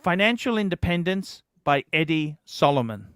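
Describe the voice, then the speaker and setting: A man's voice: fairly high pitch, sing-song, moderate pace, fairly bright tone, clear, resonant tone, no echo, studio quality. A man hosting a livestream, telling a heated, profane story in a ranting chat. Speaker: livestream host.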